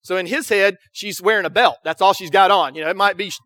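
Middle-aged male pastor, high bright voice, dry close sound, conversational sermon with acted-out quotes. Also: no room sound. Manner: storytelling with quick acted quotes and frequent "right?".

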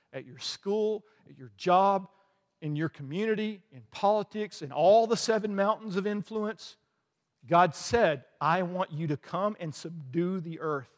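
A pastor preaching a lively sermon in a church, with rhetorical questions, asides and small laughs. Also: male voice, high-pitched. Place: church sanctuary. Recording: long hall reverb.

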